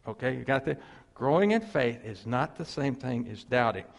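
With a gravelly, medium-pitched voice and a long reverb tail behind him, this pastor delivers his sermon at a moderate pace. He acts out quotations animatedly and calls on the congregation for replies.

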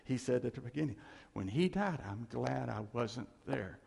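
Animated gravelly man preaching in a hall. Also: medium pitch, moderate pace. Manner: animated, acts out quotes, laughs often. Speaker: pastor. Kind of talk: sermon. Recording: echoey hall.

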